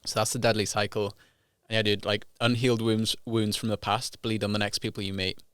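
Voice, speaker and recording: A man's voice: fairly low pitch, flat delivery, fairly quick, a bit bright, clean tone, no room sound, clean studio sound. A British man who is a guest on a podcast, talking frankly and animatedly, acting out other people's lines. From Britain. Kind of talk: casual podcast chat.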